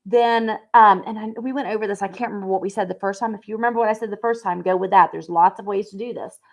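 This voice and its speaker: A woman talks through a lesson in an easygoing, conversational way. She is relaxed and chatty and often uses filler words as she explains. Her voice sits at an ordinary, middle pitch for a woman. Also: quick pace. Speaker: teacher. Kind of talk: casual instruction.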